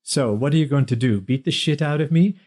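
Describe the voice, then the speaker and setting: A man doing a cheeky young actor, quick with a quip. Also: fairly high pitch, a little mellow, voice pushed up, lightly acted. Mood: defiant. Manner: bantering, defiant, playful.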